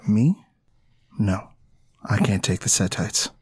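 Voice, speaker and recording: A man voicing a wary low-voiced vampire woman. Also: lively intonation, takes it slowly, a little mellow, breathy edge, full character voice. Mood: guarded.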